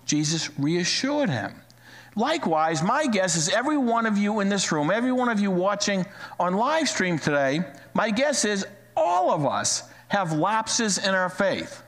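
Animated high-voiced male preacher in a hall. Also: a little slow. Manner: animated, repeats phrases for emphasis. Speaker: pastor. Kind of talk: sermon. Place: church sanctuary, live-streamed. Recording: long hall reverb.

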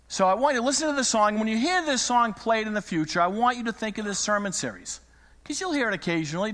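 A man's voice: on the high side, a bit bright. Male pastor in a reverberant hall. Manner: conversational, explaining plainly to the room. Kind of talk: sermon, casual address to congregation. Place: church sanctuary. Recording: long reverb of a large hall.

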